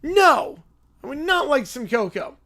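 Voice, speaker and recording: A man's voice: extremely high pitch, sing-song, unhurried, vocal fry, pushed and bright, pitched above the performer's own voice, heavily acted. A man voicing a whining, sulky preschool boy who complains about everything. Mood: whiny. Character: whiny crying little preschool boy.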